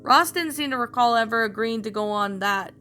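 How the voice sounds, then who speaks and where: A woman narrates a fan story aloud, tripping over words and restarting them as she goes. Her voice is bright and sits fairly high. Soft music runs quietly underneath. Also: brisk. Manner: stumbles and restarts while reading.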